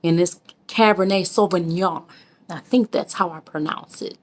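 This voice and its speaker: Speaking at a moderate pace in a lowish voice, a woman from Michigan vlogs with heartfelt emotion and a preachy streak. She casually addresses her viewers as kings and queens.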